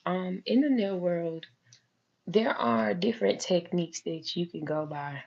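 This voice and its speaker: A hoarse woman who has lost her voice, hosting a casual live stream as a nail technician and chatting to viewers with lots of fillers. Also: lowish voice, a little slow, darkish tone. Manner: chatty, addresses viewers as y'all, many fillers. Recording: dull lo-fi live-stream audio.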